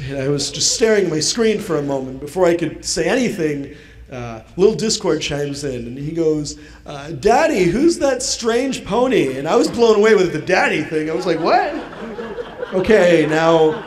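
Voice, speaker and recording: A man telling a comic story on stage, acting out chat-room lines in different voices. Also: on the high side. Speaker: stand-up comedian. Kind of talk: stand-up comedy storytelling. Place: convention hall with audience. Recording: live hall with crowd laughter. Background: audience laughter.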